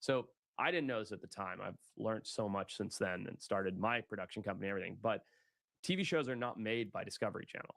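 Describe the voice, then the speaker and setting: Low-voiced man telling a cocky story. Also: fast talker, gravelly, dry recording. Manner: animated, acts out quotes, casual slang. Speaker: guest telling his story. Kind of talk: casual storytelling interview.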